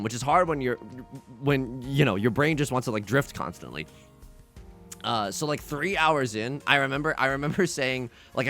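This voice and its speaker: Young man, gameplay commentary, gravelly, lively swings in pitch, chatty and self-mocking, faint music behind. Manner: chatty, self-mocking, thinks aloud with frequent laughs. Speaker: let's play host.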